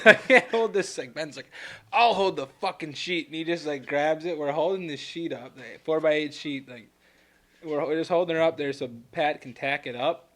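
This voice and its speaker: A man co-hosting a casual podcast, telling animated stories with frequent laughter and casual swearing. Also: fairly high pitch. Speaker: podcast co-host. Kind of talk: casual storytelling chat.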